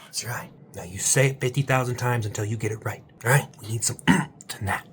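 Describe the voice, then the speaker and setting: A man's voice: medium pitch, vocal fry, a little hiss or hum. Man rambling in whispers and bursts. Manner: swings between hushed whispers and loud drawn-out exclamations; mock-motivational, absurd rambling. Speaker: channel host. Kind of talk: rambling late-night comedic monologue.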